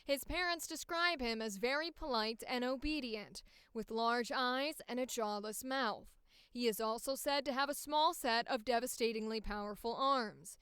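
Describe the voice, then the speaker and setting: A woman voicing a professional, upbeat female news reporter in an audition read, enunciating crisply like a typical newscaster. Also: on the high side, normal speed, fairly bright tone, no room sound, studio quality, lightly acted.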